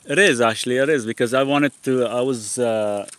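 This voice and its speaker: A man's voice: medium pitch, moderate pace, fairly bright tone, clear, resonant tone, dry recording. A man hosting a casual live Q&A outdoors in a backyard with chickens. He rambles, restarts his sentences and leans on the word "actually". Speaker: host.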